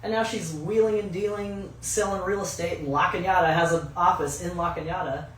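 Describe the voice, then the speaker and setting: A woman's voice: fairly low pitch, fairly quick, a little hiss or hum. A woman co-hosting a podcast, telling a story in casual chat with lots of swearing, acting out the people she quotes. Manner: animated, profane, acts out quoted voices. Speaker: podcast co-host. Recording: echoey room from far off mic, faint ambience.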